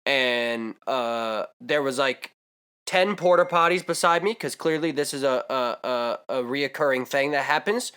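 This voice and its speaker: A man's voice: mid-range voice, measured pace, a bit bright, clear, resonant tone. A young man vlogging, telling a comedic story with exaggerated asides and rambling digressions.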